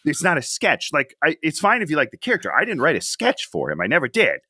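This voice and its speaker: Male co-host, casual and self-deprecating, bright tone, dry close sound. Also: a little high, huge pitch swings, fast talker, slightly rough, no echo. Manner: rambling storyteller, self-deprecating. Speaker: podcast co-host. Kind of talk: casual chat.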